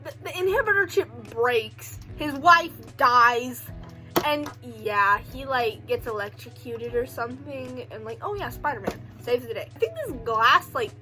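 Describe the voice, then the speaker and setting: A woman's voice: sits high, animated, a little slow, over music, poor audio. A young woman casually recapping a film in a rambling way, full of "like" and joking asides. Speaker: video creator recapping a film.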